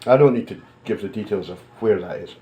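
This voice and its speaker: A man's voice: lowish voice, brisk, dark tone, rough recording. A man talking casually to camera, blunt and combative, swearing freely and speaking from indoors at home. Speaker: commentator.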